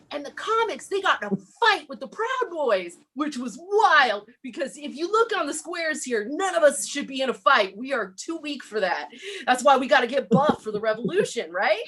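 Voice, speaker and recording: A woman doing a stand-up comedy set, her voice high and bright for a woman. She tells her stories in a brash, profane, punchy way. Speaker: stand-up comic.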